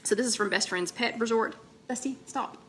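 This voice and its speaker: A woman's voice: medium pitch, fairly even intonation, fast, slight background noise. A woman hosting a casual live-stream chat, rambling and greeting viewers mid-sentence. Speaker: host of a weight-loss chat livestream.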